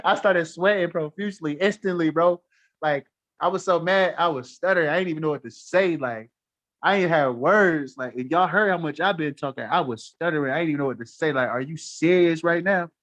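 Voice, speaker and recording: A man's voice: on the high side, brisk, fairly bright tone, no echo. A man telling a story in casual talk on a live stream, blunt, heated and profane. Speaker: livestream guest.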